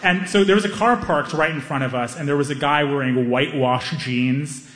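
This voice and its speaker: A young man doing stand-up comedy, telling a story with animated delivery and acting out the people in it. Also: a little high, normal speed, big-room sound, noisy background.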